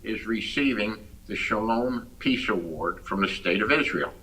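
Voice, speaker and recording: A man with a deep, sharply bright voice spins animated anecdotes and chuckles at his own punchlines. He sits a little back from the microphone, so the sound is slightly distant. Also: unhurried. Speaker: interview guest. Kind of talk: casual anecdote telling.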